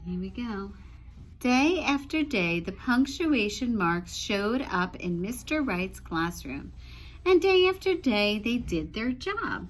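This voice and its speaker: A woman teacher reading a picture book aloud to children, with expressive storytelling and small asides. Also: mid-range voice, slow pace.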